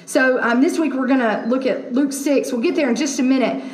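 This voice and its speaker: High-voiced woman pastor, chatty sermon. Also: fairly quick, roomy sound. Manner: chatty storytelling with many fillers. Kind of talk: conversational sermon.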